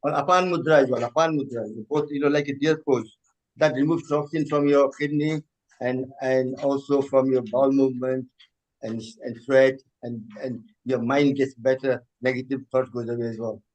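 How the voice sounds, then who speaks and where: A man's voice: mid-range voice, steady tone, normal speed, darkish tone, rough recording. A man on a video call explaining a yoga mudra, hesitant and repeating words.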